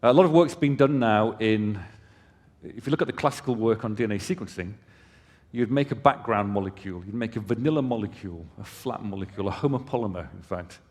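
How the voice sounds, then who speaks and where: A man delivers a conference presentation from a hall stage, explaining in a relaxed, conversational way with off-hand asides to the crowd. His voice sits a little low, and a long hall reverb trails behind each phrase. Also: fairly quick. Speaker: company presenter.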